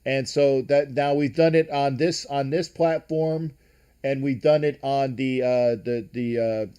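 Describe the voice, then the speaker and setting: A man's voice: medium pitch, fairly even intonation, unhurried, mellow, clean tone. An older man hosting a casual live-streamed sports talk show, rambling and profane, with a lot of false starts. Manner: rambling, profane, many restarts.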